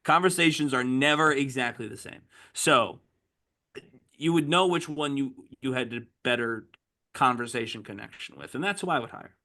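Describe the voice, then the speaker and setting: Bright-voiced opinionated podcast host. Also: male voice, medium pitch, moderate pace. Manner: opinionated, chatty. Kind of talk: casual chat.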